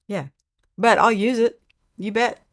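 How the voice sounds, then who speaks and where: Hosting a relaxed livestream, an older Oklahoma-twanged woman rambles through chat and reads out viewer comments. She speaks unhurriedly in a slightly high voice with a steady tone.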